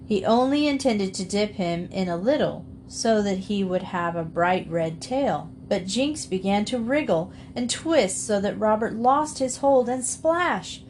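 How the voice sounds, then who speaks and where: A woman reading a children's storybook aloud in a calm, measured way. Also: medium pitch, slight background noise. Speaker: storybook reader.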